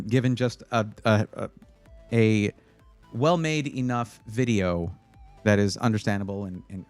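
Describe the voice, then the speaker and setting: A man hosting a casual livestream, chatting with viewers and giving computer buying advice in a rambling, playful way. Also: mid-range voice. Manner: chatty, rambling, restarts phrases, playful with chat. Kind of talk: casual livestream chat reading viewer comments.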